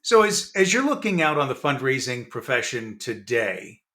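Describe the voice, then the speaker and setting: A man's voice: mid-range voice, very animated, moderate pace, sharp tone. A man hosting an interview podcast, affirming his guest and wrapping up politely. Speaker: podcast host.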